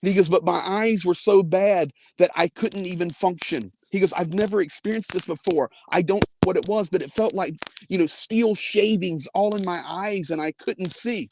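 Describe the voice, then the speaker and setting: A man's voice: high-pitched, moderate pace, background noise. A man hosting a live faith-based update from inside his car, telling a story earnestly and quoting others. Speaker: host.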